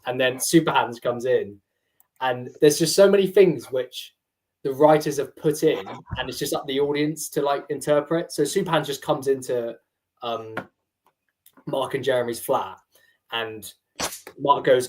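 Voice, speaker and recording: A man's voice: medium pitch, moderate pace, darkish tone, slight background noise. A young man, co-hosting a podcast in casual chat and rambling enthusiastically with lots of "like". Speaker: podcast co-host.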